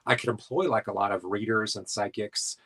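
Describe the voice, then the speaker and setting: A man's voice: lowish voice, steady tone, a little fast, a bit bright, poor audio. A man from South Dakota, a paranormal investigator being interviewed, talking in a rambling casual way with lots of filler words.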